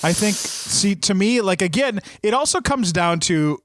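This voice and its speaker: A man co-hosts a casual podcast, rambling happily with many fillers as he leads the group. His voice sits a little high. The sound is dry and close, with no room around it. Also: lively intonation, a little slow, no echo. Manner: chatty, runs the votes, many "like" fillers. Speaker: podcast co-host. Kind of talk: casual chat.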